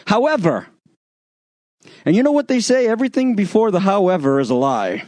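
A man preaching a sermon, retelling scripture with animated acted-out quotes and sarcastic asides. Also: high voice, a little fast, no room sound. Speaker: pastor.

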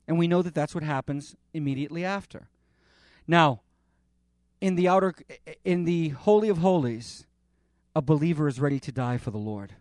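Man, pastor, sermon, impassioned, swelling and dropping volume, high-ish voice. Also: normal speed, a little mellow, no room sound, clean studio sound. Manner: impassioned, with dramatic rises and drops in volume; repeats himself and restarts while preaching.

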